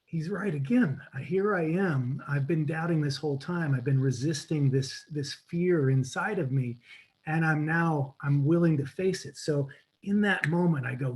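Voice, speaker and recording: A man on a video call telling a personal story in a live webinar, animated and dropping to a whisper for quoted lines. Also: a little high, normal speed, husky, poor audio. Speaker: guest coach.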